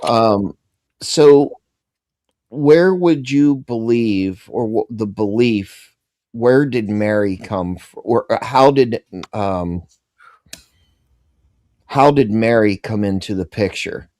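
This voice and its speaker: Host guy asking questions real slow and halting, lowish voice. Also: a little mellow, dry recording. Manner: halting, hesitant questions with restarts. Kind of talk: casual livestream chat.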